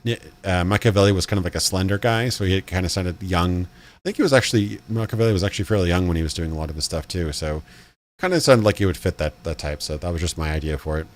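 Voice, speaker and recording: A man's voice: low-pitched, fast talker. A man hosting a casual live commentary stream, rambling with fillers and restarts. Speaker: channel host.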